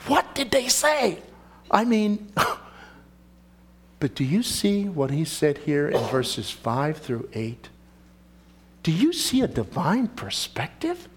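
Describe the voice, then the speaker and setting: Male preacher with a somewhat high voice, emphatic sermon delivery that questions the listeners. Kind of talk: sermon with scripture reading.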